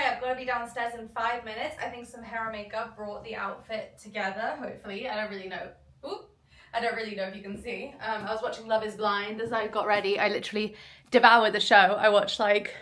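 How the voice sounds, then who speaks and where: A young woman chatting casually to camera in a vlog from a hotel room, full of fillers and often trailing off softly. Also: mid-range voice. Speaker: vlogger.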